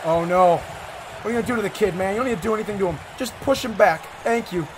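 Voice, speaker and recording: A man commentating a wrestling video game with a friend, often shouting and swearing. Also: high voice, fast. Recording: noisy stream audio.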